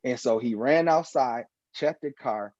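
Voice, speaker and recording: A man spins a story in an animated way, jumping into the voices of everyone in it. His voice is mellow and warm. The recording is dry and a little dull. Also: mid-range voice, measured pace, dry recording. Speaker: panelist. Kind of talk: casual storytelling in a panel conversation.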